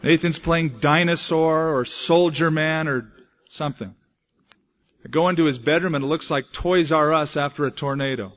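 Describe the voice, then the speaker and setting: A male pastor preaching a sermon, moving between loud, emphatic declarations and quiet, hushed asides. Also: on the high side, normal speed, lo-fi sound.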